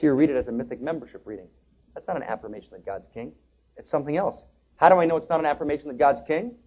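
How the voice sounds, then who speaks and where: A man giving a spiritual lecture, telling a story dramatically, dropping to hushed asides and rising to loud outbursts, and slowly chanting liturgical phrases. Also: on the high side, animated, breathy edge. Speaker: spiritual teacher.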